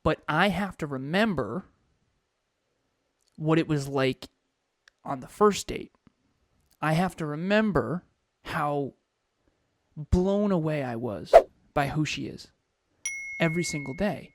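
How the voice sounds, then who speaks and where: A man co-hosting a podcast as a coach, speaking in a measured, deliberate way about personal growth. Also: on the high side, expressive. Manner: playful, laughing easily, then measured and deliberate when explaining. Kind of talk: casual podcast chat.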